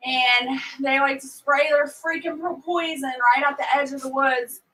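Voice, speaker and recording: A woman chatting casually with viewers on a live stream, outspoken and quick to vent. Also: high voice, steady tone, pushed and bright. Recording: voice a bit distant from the mic.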